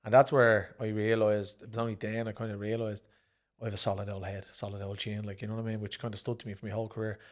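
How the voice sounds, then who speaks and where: A man's voice: lowish voice, quick pace. A middle-aged Irish man, a former boxer, telling stories of his fights in a casual interview, acting out what people said. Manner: animated, acts out quoted speech in raised voices. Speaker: guest, former professional boxer and promoter. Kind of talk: casual storytelling in a sit-down interview.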